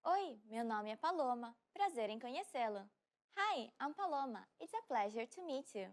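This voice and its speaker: A woman with a high voice hosts a scripted beginner lesson. She explains things in a friendly, instructional way and slows right down when she repeats each example. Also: big pitch swings. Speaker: language teacher and host.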